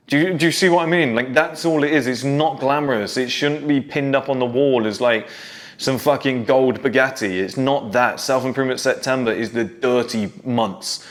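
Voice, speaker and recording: Brief: male creator, mid-pitched, blunt and sweary, hard-driving pep talk. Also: normal speed. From United Kingdom. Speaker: self-improvement creator. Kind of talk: motivational monologue.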